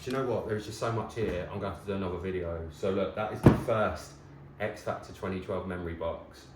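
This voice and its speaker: A man, chatting casually to camera in an excitable, nostalgic way. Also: low voice, fast talker, roomy sound, over loud music, low-quality recording. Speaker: vlogger host. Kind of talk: casual chat.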